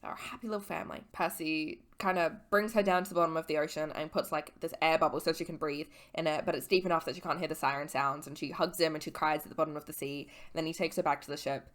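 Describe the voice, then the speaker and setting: A tipsy woman recapping a book series in casual, animated chat, swearing freely and using slang. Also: deep voice, quick pace, hardly any pauses. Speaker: vlogger.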